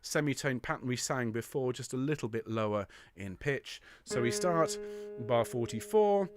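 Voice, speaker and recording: A man's voice: medium pitch, expressive, moderate pace, no room sound, studio quality. A man leading an online choir rehearsal, explaining bars, counting in, and singing the lines with encouragement. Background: piano.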